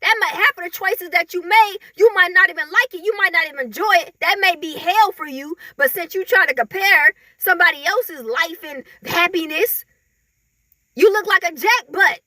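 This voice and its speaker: A woman talking casually into the camera, animated, often laughing and mimicking other people in mocking voices. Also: extremely high pitch, normal speed, dry recording. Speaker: vlogger.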